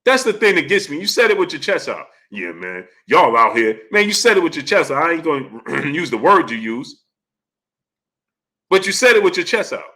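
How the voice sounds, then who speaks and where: Male livestream host; forceful, bright tone, slightly higher voice, animated chatty delivery. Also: brisk. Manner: animated, repeats questions, greets chatters by name. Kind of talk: casual livestream commentary.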